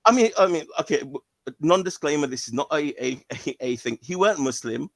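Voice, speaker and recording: Animated male caller telling a story. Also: on the high side, fairly quick, creaky, dry recording. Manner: animated, laughs often, restarts a lot. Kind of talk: storytelling on a call-in stream.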